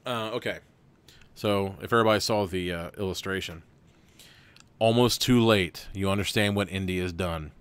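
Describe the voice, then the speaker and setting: A man's voice: sits low, normal speed, clear, resonant tone. A man hosting a livestream, reading a gamebook aloud casually, rambling and laughing between passages. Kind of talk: livestream gamebook narration with chat votes.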